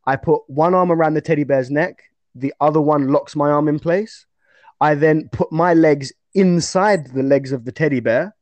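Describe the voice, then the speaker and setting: A young man telling a fight story in a casual podcast chat, animated, with many restarts. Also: fairly high pitch, normal speed, no room sound. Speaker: guest fighter.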